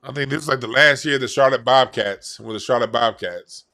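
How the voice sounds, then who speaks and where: A man's voice: medium pitch, brisk, gravelly, bright, forceful tone. A man giving blunt, profane, rambling commentary on a casual vlog. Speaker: YouTube commentator.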